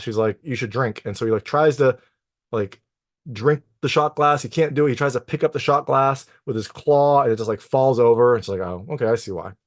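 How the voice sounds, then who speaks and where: A man recaps a film's plot in a relaxed, rambling way, leaning on "like" and "you know" as he thinks aloud. His voice sits at an ordinary pitch. The recording is dry, with no room sound. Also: dry recording. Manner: loose and chatty, peppered with "like" and "you know". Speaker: film reviewer. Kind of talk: casual spoken plot recap.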